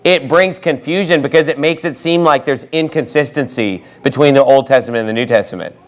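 A man preaching a fiery sermon as pastor, swinging from low asides to shouted outbursts and slowing down to stress quotes from scripture.

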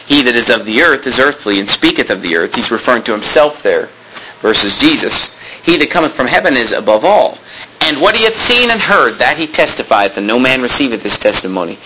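A man's voice: medium pitch, very animated, fairly quick, background noise. A man preaching a sermon, quoting scripture in old-fashioned wording and swelling his voice for emphasis. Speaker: pastor.

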